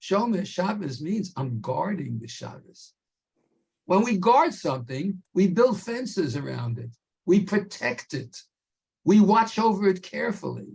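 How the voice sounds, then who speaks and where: A man teaching a Torah class, explaining slowly and stretching key words for emphasis. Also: sits high, very animated, vocal fry, a little mellow, slight background noise.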